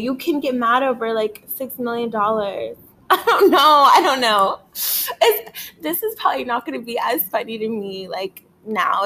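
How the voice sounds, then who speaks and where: A woman hosting a casual solo podcast, rambling with lots of filler words, swearing and frequent laughter while she is high. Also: creaky, a bit bright, slight background noise. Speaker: podcast host.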